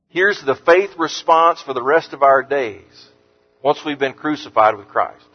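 A pastor preaches an earnest sermon a little slowly, in a slightly rough voice. He lifts his voice when quoting scripture and drops low and soft for words of comfort. The audio is muffled, with long hall reverb.

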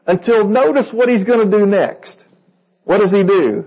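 A male pastor with a slightly high, husky voice, preaching in a conversational way. He reads verses aloud and puts questions to the congregation. The sound is dull and lo-fi, as if recorded in a church. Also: big pitch swings, normal speed. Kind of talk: sermon.

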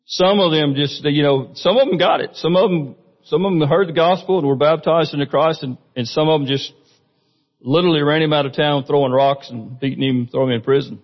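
A man preaches a sermon in a church, his voice a little higher than most men's. He talks in a plain, conversational way and keeps putting questions to the congregation. The recording sounds muffled, and a long reverb trails off in the hall. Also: fairly quick. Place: church sanctuary.

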